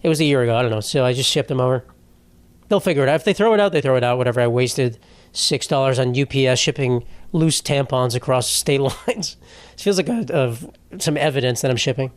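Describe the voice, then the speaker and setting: A man's voice: medium pitch, fairly quick, no room sound. A man hosting a solo comedy podcast, telling rambling, profane, self-mocking stories in casual talk. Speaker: podcast host. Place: home setup.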